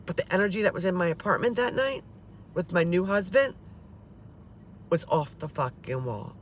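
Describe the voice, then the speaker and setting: A woman with a lowish voice and big swings in pitch tells her own ghost stories at a normal speed, bluntly and chattily, swearing freely. There's slight background noise.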